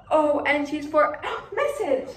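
A woman's voice: high voice, expressive, slow. A teenage student actress performing a stage monologue as a chatty girl amused by her family, giggling as she tells it. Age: teens. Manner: giggly, gossipy storytelling. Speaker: student actor. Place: school stage. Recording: echoey hall from far off, faint ambient noise.

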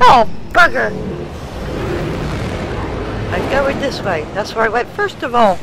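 A British woman talks slowly through her game, her pitch swinging wildly between low mutters and high yelps. She curses at every mishap. Steady noise hums under the voice. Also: vocal fry, shouting. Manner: swears and laughs at her own mishaps. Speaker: game streamer. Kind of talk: casual let's-play commentary.

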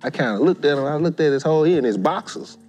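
Man in his thirties; lively podcast storyteller who does voices for everyone; faint music bed. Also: on the high side, fast talker. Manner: animated, acts out quoted voices. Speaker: guest storyteller. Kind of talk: casual storytelling.

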